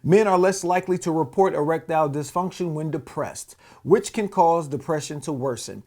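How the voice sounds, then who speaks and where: His voice is on the high side and a little mellow, at a normal speed. Hosting a podcast, he delivers casual, heated, profane commentary on a clip, often restarting and repeating himself.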